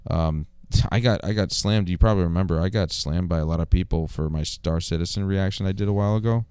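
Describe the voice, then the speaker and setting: Low, resonant man telling stories. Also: quick pace, a little mellow, smooth, dry recording. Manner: storytelling with wry complaints and laughter. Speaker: podcast co-host. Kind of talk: casual gaming chat. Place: in-person podcast room.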